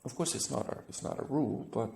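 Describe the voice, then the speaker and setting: A man's voice: medium pitch, fast, creaky, darkish tone, reverberant. A man teaching an English grammar lesson, explaining step by step and often checking with "right?".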